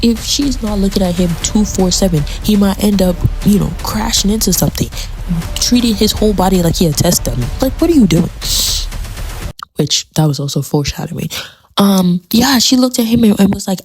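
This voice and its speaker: A woman's voice: medium pitch, animated, a little fast, a little mellow, soft background music. A woman giving a casual commentary on a TV episode, chatty and dramatic, repeating phrases for emphasis. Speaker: TV show commentator.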